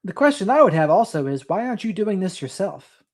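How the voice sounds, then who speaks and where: A woman's voice: medium pitch, very animated, fairly quick, darkish tone. A woman co-host giving blunt, scolding commentary on the texts. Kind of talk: casual commentary.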